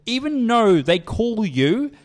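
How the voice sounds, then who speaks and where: A man's voice: high-pitched, slow pace. A young man co-hosting a podcast, telling stories in casual chat with lots of swearing and acted-out phone calls. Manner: animated, swearing storyteller who acts out phone calls. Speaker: podcast co-host.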